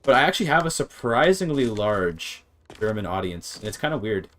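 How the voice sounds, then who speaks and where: Low-voiced man streaming a game casually. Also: very animated, fairly bright tone. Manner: thinks aloud, sounds out words haltingly, swears casually. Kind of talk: casual live-stream gameplay chatter.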